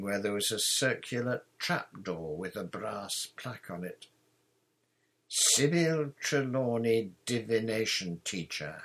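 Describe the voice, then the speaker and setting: A man narrating an audiobook in a measured, expressive reading. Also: lowish voice, slightly rough.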